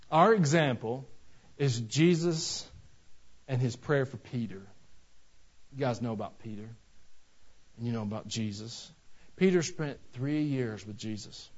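Conversational male pastor preaching. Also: mid-range voice. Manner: conversational, storytelling, swings loud to soft. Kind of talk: sermon. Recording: dull lo-fi recording.

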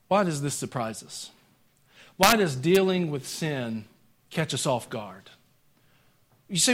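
A man preaching a sermon to his congregation. He talks conversationally, pushing some lines out loud and dropping others to quiet joking asides. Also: a little high. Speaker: pastor. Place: church sanctuary.

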